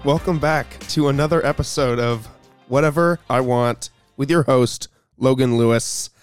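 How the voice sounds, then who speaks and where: Young male podcast host, smooth mid voice, dry close mic, loose filler-heavy chat. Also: medium pitch, moderate pace, no echo, soft background music. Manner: relaxed, filler-heavy, laughs easily.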